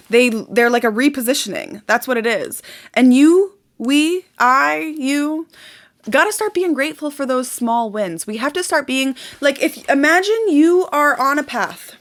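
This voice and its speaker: Young woman, fairly high voice, casual motivational vlog, animated, swears freely. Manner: animated, swearing, acts out quotes in excited bursts. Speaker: manifestation vlogger.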